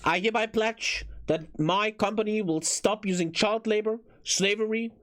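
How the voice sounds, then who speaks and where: A man's voice: sits high, normal speed, a bit bright, slight background noise, voice pushed up. A man voicing a smug corporate spokesman who makes empty, pompous pledges. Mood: mocking. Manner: pompous, mocking.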